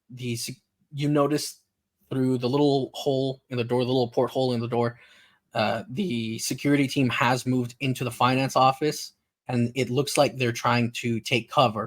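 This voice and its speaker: Man narrating a tabletop game, halting. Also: medium pitch. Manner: relaxed, halting narration with fillers. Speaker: game master.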